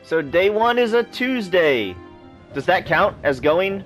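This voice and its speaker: Soft music plays behind a young let's play host who reads the game text aloud, chats casually and laughs at himself while playing. He sounds high, sing-song and fairly bright, taking it slowly, and the audio is poor.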